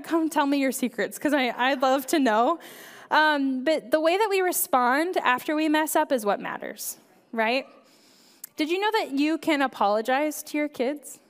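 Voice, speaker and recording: Woman, 30s, high voice, church kids director giving a conversational sermon. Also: in a large hall. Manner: earnest and conversational, frequent "right?" and "um". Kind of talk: sermon talk.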